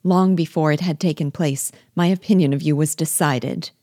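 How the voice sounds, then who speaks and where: A sharp-tongued, spirited young woman, as a woman reads her. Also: low voice, normal speed, dry recording, studio quality. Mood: accusing.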